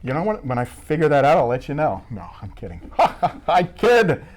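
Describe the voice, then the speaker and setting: Middle-aged man from Iowa, joking interviewee, animated delivery. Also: a little high, normal speed. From Midwest US, Iowa. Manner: joking, self-mocking storyteller. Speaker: school staff member being interviewed. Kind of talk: casual interview chat.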